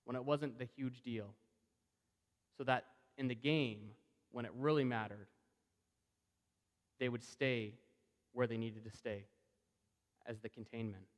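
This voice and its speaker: A man preaching a sermon in a conversational, animated way, acting out the voices he quotes. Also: medium pitch, measured pace, pauses often, big-room sound.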